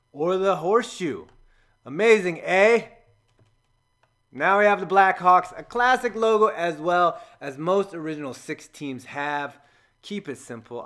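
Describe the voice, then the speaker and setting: An American man giving a sarcastic, jokey, scripted voice-over, with sudden loud outbursts between flat asides. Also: on the high side. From United States. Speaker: comedy video host.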